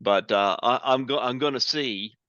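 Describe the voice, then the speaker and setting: A man hosting a podcast interview, telling stories in a rambling, excitable way with many restarts. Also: medium pitch, moderate pace, no room sound, muffled recording. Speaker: podcast host. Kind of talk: casual interview chat.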